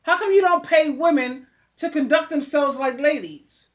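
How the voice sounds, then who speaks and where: A woman's voice: high-pitched, moderate pace. A woman vlogger delivering a preachy, scolding monologue, repeating words for emphasis. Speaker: vlogger giving advice.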